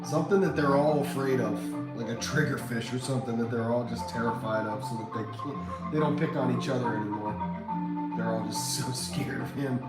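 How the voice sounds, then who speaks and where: A man's voice: mid-range voice, brisk. A man hosting a casual livestream who tells stories animatedly, acts out the dialogue and laughs often. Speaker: livestream host. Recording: echoey room with background music.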